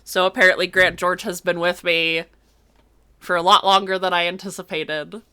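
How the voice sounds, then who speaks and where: A woman's voice: fairly low pitch, flat delivery, moderate pace, sharp tone, clear, resonant tone. A young woman streamer talking casually and effusively over a video game, with many fillers and restarts.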